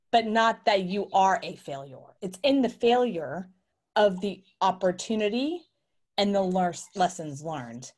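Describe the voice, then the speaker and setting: A middle-aged woman, a guest entrepreneur, telling her story in a casual interview, acting out the voices she quotes. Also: mid-range voice. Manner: animated, acts out quoted voices.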